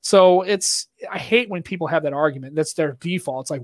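Rambling with plenty of false starts, a Boston-accented man co-hosts a podcast and gets worked up in an animated rant. His voice runs on the high side at a fairly quick clip, and the audio has no echo.

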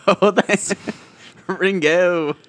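A man's voice: high voice, fairly even intonation, extremely slow, a bit bright, dry recording. A man co-hosting a comedy podcast, hamming it up with mock-pompous theatrical bits. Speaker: podcast co-host. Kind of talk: improv comedy banter.

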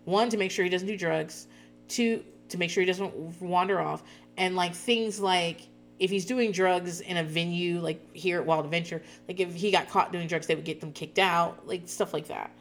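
Chatty woman host, slightly low voice. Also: steady tone, normal speed, faint music behind. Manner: chatty, profane, laughs often. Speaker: podcast host. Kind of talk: casual chat recapping a reality show.

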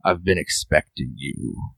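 A very old man speaks in a croaky, low voice , put on by a man, slow and unhurried. His answers are short and cryptic. The sound is dry and close. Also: a bit bright, dry recording, heavily acted, rough recording. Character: ancient frail old man, calm and knowing.

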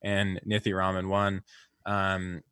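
A man's voice: sits low, completely flat delivery, slow, sharp tone, smooth, no echo. A man co-hosting a casual political podcast, rambling with many fillers and restarts. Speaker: podcast co-host.

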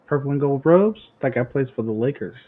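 A man's voice: mid-range voice, lively intonation, a little fast, slight background noise. A man cracking dry jokes as a player in a tabletop role-playing game. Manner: dry, wisecracking. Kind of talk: casual tabletop play. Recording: tinny phone-like call audio.

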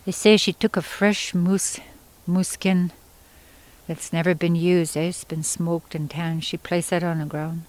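A woman storyteller from Yukon, Canada, telling a traditional story in an unhurried, conversational way with pauses and asides. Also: on the low side, flat delivery, a little mellow, rough recording. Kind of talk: oral storytelling.

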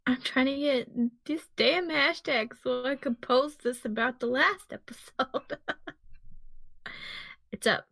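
A woman's voice: sits high, takes it slowly, vocal fry, a bit bright, dry recording. A woman in her twenties, co-hosting a podcast in casual chat with dry, offhand quips. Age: 20s. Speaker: podcast co-host.

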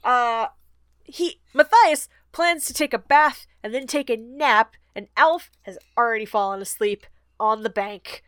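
A woman's voice: on the high side, a little slow, a bit bright, smooth, no echo, clean studio sound. A woman co-hosting a book podcast, recapping chapters in casual chat, laughing often and swearing freely. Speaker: podcast co-host.

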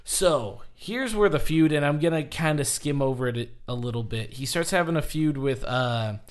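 A man co-hosting a podcast, telling a story in casual chat with lively laughs and acted-out quotes. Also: a little high, normal speed. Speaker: podcast co-host.

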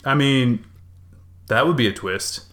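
A man's voice: mid-range voice, unhurried, a bit bright. A man co-hosting a podcast in casual chat, spinning conspiracy theories with mock-dramatic flair and easy slang. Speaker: podcast co-host.

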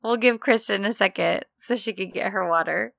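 A woman's voice: medium pitch, moderate pace, creaky, fairly bright tone, no room sound, studio quality. A woman co-hosting a podcast in casual chat, easygoing and agreeable, often chiming in with short replies. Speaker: podcast co-host.

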